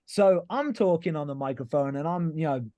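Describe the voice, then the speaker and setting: Telling a long, meandering story as a podcast guest, this pro wrestler leans on "like" and "you know" and swears offhandedly. His fairly high, expressive voice is mellow and moves at normal speed, in a lo-fi recording with no echo.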